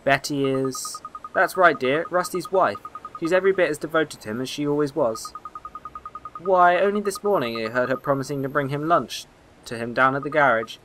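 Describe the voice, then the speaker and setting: A man's voice: on the high side, moderate pace, background noise, close to an everyday voice. A man voicing a chatty, fussing old woman neighbour who loves to gossip, with game music behind. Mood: gossipy.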